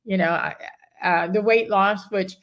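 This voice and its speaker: Gravelly-voiced middle-aged woman, rambling. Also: medium pitch, fairly even intonation, a little slow, fairly bright tone. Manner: rambling, self-interrupting, acts out others' words. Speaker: guest. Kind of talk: emotional personal story in a casual chat.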